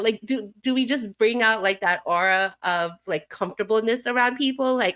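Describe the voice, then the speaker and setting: A woman's voice: mid-range voice, animated, moderate pace, few pauses, fairly bright tone. A woman co-hosting a casual podcast, chatting about coworkers and readily agreeing with her co-host. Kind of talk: casual chat.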